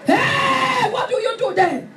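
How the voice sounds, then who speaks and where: Fervent high-voiced woman preaching. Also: animated, slow pace, heavy background noise. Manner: fervent, shouting, dramatic retelling. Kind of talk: sermon. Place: church hall. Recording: echoey hall from far off with music.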